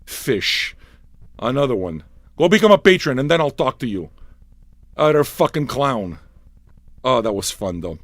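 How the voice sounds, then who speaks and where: A man hosting a livestreamed record show, ranting with constant swearing, yelling and mocking impressions. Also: medium pitch, very animated, measured pace, long pauses, no room sound. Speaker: livestream radio DJ. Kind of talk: profane comic rant.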